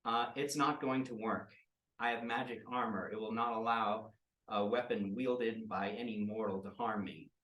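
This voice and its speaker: A grandiose villainess , put on by a man, booms out her lines in a pompous, declaiming way. The voice sits in a roomy space and is picked up from some distance. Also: fairly even intonation, normal speed, a bit bright, close to an everyday voice. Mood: smug. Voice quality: booming. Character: grandiose evil sorceress villain, woman, theatrical. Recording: roomy sound from a distant mic.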